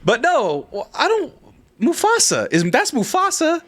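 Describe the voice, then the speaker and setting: A man's voice: extremely high pitch, wildly swooping pitch, unhurried, a bit bright. A man co-hosting a podcast in casual chat, laughing often and swearing. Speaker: podcast co-host.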